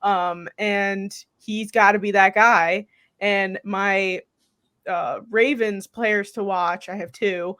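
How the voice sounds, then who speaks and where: Woman cohost on a podcast, says like a lot, mid pitch voice, chatty. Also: steady tone, takes it slowly, fairly bright tone. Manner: fills with "like", nervous-sounding. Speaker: podcast co-host. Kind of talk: casual podcast chat.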